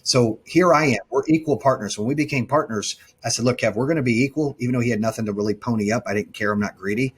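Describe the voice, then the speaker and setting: A man's voice: medium pitch, fast, few pauses, a bit bright, husky. A man being interviewed as a company founder, telling his story in a blunt, emphatic way and often correcting himself mid-sentence.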